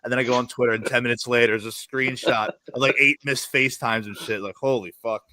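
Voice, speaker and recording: A man sits in as a podcast guest and spins rapid, profane anecdotes, laughing as he goes. His voice is bright and forceful, and the sound is dry and close with no room around it. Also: mid-range voice, steady tone, no echo. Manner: fast, profane storytelling with bursts of laughter. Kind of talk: casual podcast chat.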